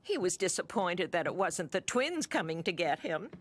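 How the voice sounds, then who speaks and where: A woman narrating a children's cartoon in a clear storytelling manner. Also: on the low side, big pitch swings, normal speed, a little hiss or hum.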